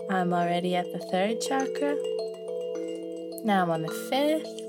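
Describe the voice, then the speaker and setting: Woman storyteller, children's bedtime yoga tale: playful, coaxing, unhurried pace. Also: on the high side, lively intonation. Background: loud glockenspiel and marimba music.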